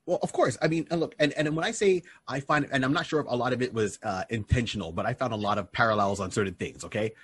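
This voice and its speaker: A man co-hosting a podcast who tells stories in an animated way, with many restarts. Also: medium pitch, fast talker, hardly any pauses, husky, no echo. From Barbados. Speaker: podcast co-host and comedian. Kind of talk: casual podcast chat.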